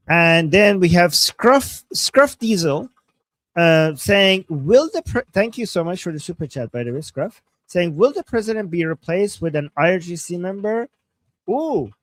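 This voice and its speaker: A man from Iran with a fairly high voice chats through viewer messages on a live stream. He laughs easily and often starts over mid-sentence. His voice is recorded close and dry, with no room echo. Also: sing-song, measured pace, a bit bright. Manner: chatty, laughs easily, many restarts. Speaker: livestream co-host. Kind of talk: casual live-stream chat.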